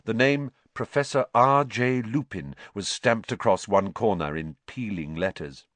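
Guy narrating an audiobook, low pitched, dry studio sound. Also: unhurried, no echo. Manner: expressive, lively storytelling. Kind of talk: audiobook reading.

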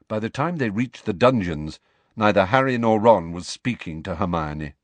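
Lively, low-voiced man narrating a story. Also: normal speed, no room sound. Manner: expressive storytelling with wide pitch swings. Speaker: audiobook narrator. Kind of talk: scripted narration.

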